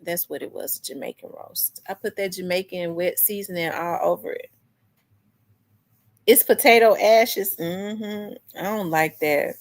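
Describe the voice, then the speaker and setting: A woman's voice: fairly low pitch, fairly even intonation, unhurried. A woman hosting a casual livestream, chatting with viewers in a loose, rambling way. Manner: chatty, restarts and talks back to chat comments. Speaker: livestream host. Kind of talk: casual chat with live viewers.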